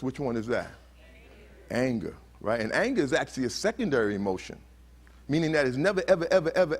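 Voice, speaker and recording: A man's voice: on the high side, gravelly. A man giving a motivational talk at a conference. He asks the audience questions and acts out heated quotes. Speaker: conference speaker. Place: conference hall.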